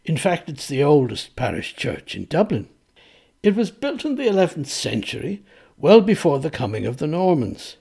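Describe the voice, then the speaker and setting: A man's voice: fairly high pitch, big pitch swings, creaky, a little mellow, breathy edge, full character voice. A man voicing a wry, knowing old clergyman. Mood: confiding. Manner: knowing, unhurried, confiding. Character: frank, wry 18th-century Dublin clergyman, older man.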